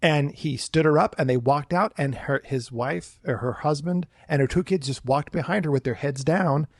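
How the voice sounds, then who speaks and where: A man in casual podcast chat, telling a story with lively acted-out quotes. His voice sits a little on the high side. The sound is dry and close, with no room around it. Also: normal speed, no echo. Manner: animated storyteller acting out quotes in raised voices. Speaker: podcast co-host, former theme park worker.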